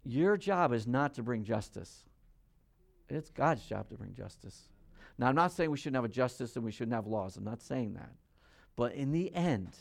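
A man preaching a sermon, reading scripture aloud with loud, emphatic rises and dropping to quiet, low asides as he explains it. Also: creaky. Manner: reads King James scripture aloud, then explains conversationally. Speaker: pastor.

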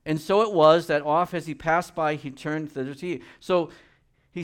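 A middle-aged man preaching a sermon as pastor, reading scripture and acting out the people in it in lively voices. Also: a little high, normal speed, smooth.

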